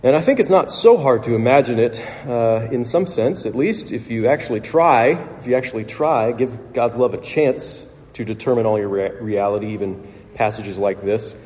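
A man delivers a sermon in an earnest, reflective way, pausing and restarting as he thinks aloud. His voice is mellow and darkly toned. The sound rings with the long reverb of a church hall. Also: medium pitch. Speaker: pastor.

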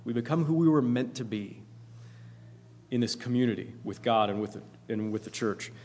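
A man's voice: mid-range voice, normal speed, darkish tone, slight background noise. A man preaching a sermon in an earnest, emphatic way, often repeating himself for emphasis. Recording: long hall reverb.

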